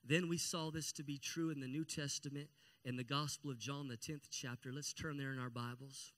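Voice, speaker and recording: A man's voice: mid-range voice, moderate pace. Man preaching, repeating phrases for emphasis. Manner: repeats key phrases, calls for amens; grows louder and more excited. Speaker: pastor. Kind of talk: sermon.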